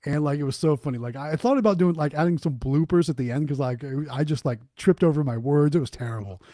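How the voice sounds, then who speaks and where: A man chatting casually on a livestream about making vending videos, quick and full of fillers. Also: a little high, warm tone, dry recording, clean studio sound. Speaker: vending business YouTuber, co-host.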